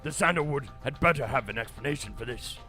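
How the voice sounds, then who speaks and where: A man voicing a stern warrior woman with a gravelly voice. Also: medium pitch, lively intonation, fast talker, pushed and bright, soft background music. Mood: grim.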